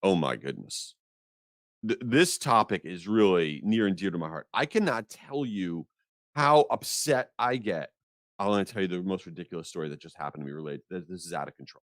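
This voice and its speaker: A man hosting a podcast, telling an exasperated, animated story in a casual rant. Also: low voice, brisk, no room sound, studio quality. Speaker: podcast host.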